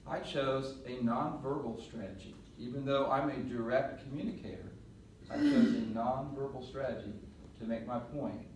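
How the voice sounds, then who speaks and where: Animated middle-aged man telling a story in an echoey room. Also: mid-range voice, moderate pace. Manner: animated storyteller, laughs and acts out voices. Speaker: presentation coach. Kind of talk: storytelling talk to a class. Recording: roomy echo, mic at a distance, faint noise.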